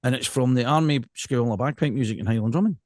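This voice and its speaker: A Scottish man co-hosting a podcast, chatting casually in an animated, joking way and telling stories. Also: mid-range voice, fast talker, no echo, clean studio sound. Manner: animated and jokey, tells stories with quoted asides. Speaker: podcast co-host.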